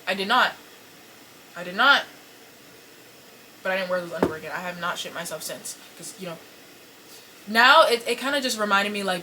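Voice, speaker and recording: A young woman hosting a podcast, telling an embarrassing story to camera in a casual, animated, profane way, full of fillers and apologies. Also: mid-range voice, normal speed, long pauses, noisy background. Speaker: podcast host. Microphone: camera set up in front of her.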